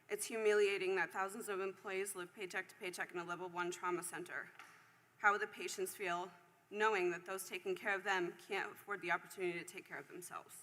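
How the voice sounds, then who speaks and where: A woman's voice: mid-range voice, bright, forceful tone. A woman in her forties who works in a hospital lab gives earnest, slightly nervous public comment at a city council meeting.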